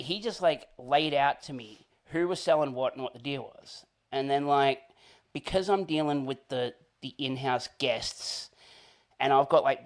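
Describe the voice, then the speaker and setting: An Australian man at an everyday middle pitch, telling a casual story in a relaxed interview. He rambles along with plenty of fillers and breaks into small laughs as he goes. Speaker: interview guest, comedian.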